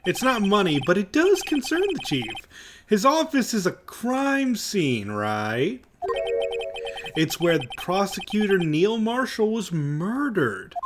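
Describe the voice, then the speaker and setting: A man reading aloud for a determined young male defense lawyer, steady and questioning. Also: sits high, slow pace, over music, heavily acted. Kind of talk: reading game dialogue aloud.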